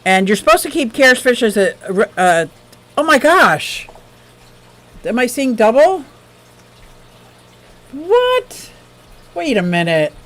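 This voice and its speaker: Woman, aquarium-channel stream host; casual, gushing, quick to laugh while reading tips. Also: a little high, slight background noise, low-quality recording. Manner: gushing, excitable, laughs often.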